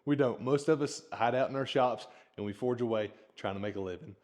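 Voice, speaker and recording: A man talks to his viewers in a relaxed, conversational way. He is earnest and encouraging as he reflects on his craft, with a voice of middling pitch. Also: a little fast. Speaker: blacksmith and channel host. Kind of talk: casual reflective vlog talk.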